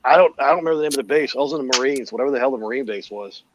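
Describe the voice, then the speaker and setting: A man's voice: mid-range voice, very fast, noisy background. Laid-back man swapping old stories. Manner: laid-back, profane, laughing storyteller. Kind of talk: casual chat on a video call.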